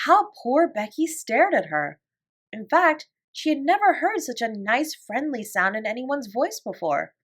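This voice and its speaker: A woman reads a classic children's novel aloud as a bedtime story. Her voice is slightly high and very lively, rising and falling expressively through the narration. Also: measured pace, breathy edge. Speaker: audiobook reader.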